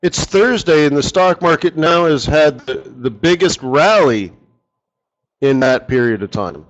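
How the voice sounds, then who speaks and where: A man's voice: fairly high pitch, lively intonation, measured pace, muffled recording. A man running a live forex strategy session, talking casually and rambling, often asking his audience rhetorical questions.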